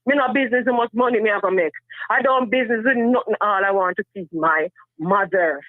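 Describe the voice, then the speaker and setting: Jamaican woman, caller, animated patois storytelling, phone-like sound, dry. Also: medium pitch, quick pace, no room sound. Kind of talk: casual chat. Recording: tinny dry phone line.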